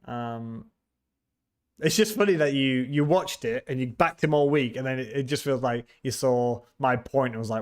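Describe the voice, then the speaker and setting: Speaking at normal speed in a mid-range voice, this casual streamer reads out comments from viewers and jokes around with them. He teases, laughs often, and frequently starts his sentences over.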